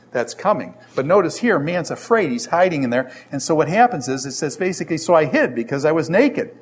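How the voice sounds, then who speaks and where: A middle-aged man lecturing a class on Scripture, often throwing rhetorical questions at his students. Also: on the high side. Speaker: Bible teacher.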